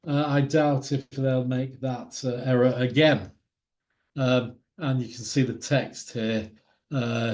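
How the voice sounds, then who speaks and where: Slow-talking man giving a wry slide talk. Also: medium pitch, a little mellow. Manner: unhurried, opinionated, wry. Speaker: speaker giving an illustrated talk. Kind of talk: lecture with slides.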